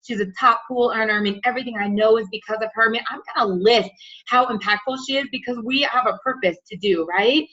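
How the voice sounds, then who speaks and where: A woman hosting and coaching a team call, animated, acting out little scenes with lots of fillers. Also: fairly high pitch, fast. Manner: animated, acts out quotes, says like and you know a lot. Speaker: team leader and call host. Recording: muffled lo-fi call audio.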